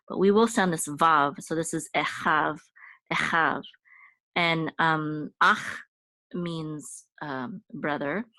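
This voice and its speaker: A woman's voice: low-pitched, fairly bright tone, dry recording. A woman teaching a language lesson, patiently explaining each step with frequent fillers and check-ins. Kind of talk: casual lesson walkthrough.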